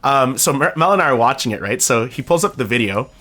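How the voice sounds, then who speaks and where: A man's voice: medium pitch, fast talker. A young man streamer chatting casually and telling rambling stories, acting out what friends said. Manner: rambling, animated storytelling with voiced quotes.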